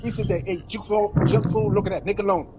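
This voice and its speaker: A man's voice: sits high, steady tone, fast talker, low-quality recording. A man in his forties, a gaming streamer, chatting casually and telling long rambling stories full of repeats. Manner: rambling, repetitive storytelling. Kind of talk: casual chat while gaming. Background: loud game music.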